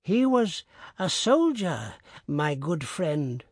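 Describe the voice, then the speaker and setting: A frail old peasant man from an audiobook story, meek and gentle, with a weak, thin, raised voice, put on by a male narrator. The reading is close and dry. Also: on the high side, sing-song, takes it slowly, dry recording, pitched above the performer's own voice, heavily acted.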